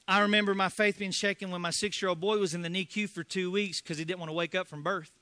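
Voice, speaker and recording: A man's voice: high voice, little pitch movement, quick pace, few pauses, sharp tone, no room sound. A pastor in his thirties preaching a sermon, impassioned and acting out the voices of the people in the story. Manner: impassioned, acts out quoted voices.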